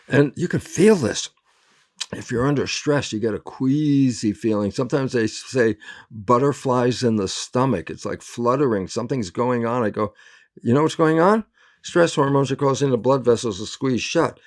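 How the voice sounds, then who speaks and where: A male scientist as an interview guest, explaining in lively storytelling and acting out both sides of remembered conversations, laughing often. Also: mid-range voice, normal speed. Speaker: interview guest, cell biologist.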